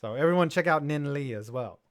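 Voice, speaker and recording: A man's voice: fairly high pitch, animated, brisk, clean tone. A young man co-hosting a sports podcast, casual and sarcastic, reading viewer messages aloud. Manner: jokey, sarcastic, reads viewer chats aloud. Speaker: podcast co-host.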